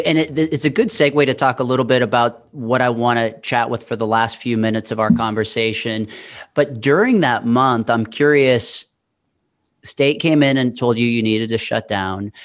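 A male podcast host in a mid-range voice asks his guest long, curious questions. He winds through each one, restarting phrases before landing the point. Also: mid-range voice. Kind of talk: conversational interview.

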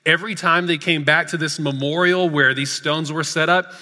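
A man's voice: a little high, steady tone, moderate pace, pushed and bright. A man in his thirties preaching a sermon in a church sanctuary, telling a story earnestly and building to emphatic repeated lines. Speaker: pastor. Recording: reverberant hall.

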